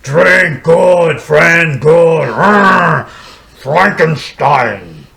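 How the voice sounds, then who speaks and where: A man doing an impression of a gruff male movie monster who speaks in broken two-word phrases, with guttural grunts. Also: on the high side, lively intonation, extremely slow, sharp tone, full character voice. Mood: gruff shouting. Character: gruff shouting male monster, simple speech.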